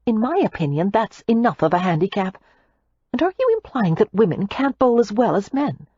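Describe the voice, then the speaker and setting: A woman narrator voicing a spirited, quick-tempered young American heiress, speaking breezily and indignantly. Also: medium pitch, big pitch swings, dark tone, breathy edge, dry recording, dull audio, pitched above the performer's own voice.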